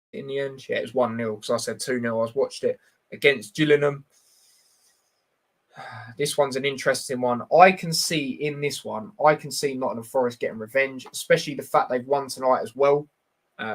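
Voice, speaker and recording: A man with a medium-pitched, slightly bright voice hosts a laid-back football prediction live stream. He talks bluntly, reads chat aloud and answers it directly, and his chatty delivery is full of fillers.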